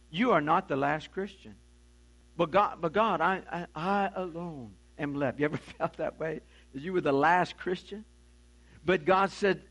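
A man's voice: high voice, fairly bright tone. An older man, a pastor, preaching a sermon with impassioned repetition and frequent restarts.

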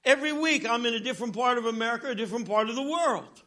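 With a very high voice and rapid-fire delivery, a man in his sixties preaches as an itinerant minister. He spins joke-filled stories, moving between booming and hushed moments.

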